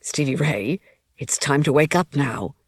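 A woman voicing a tearful, devoted young man who speaks softly and steadily. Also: deep voice, a little slow, no echo. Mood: tender. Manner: soft, steady pleading.

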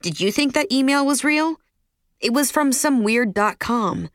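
A woman's voice: high-pitched, expressive, measured pace, no room sound, pitched above the performer's own voice. A bragging, snobbish rich teen girl who talks down to everyone with smug dismissiveness, as a woman reads her lines. The recording is dry and close.

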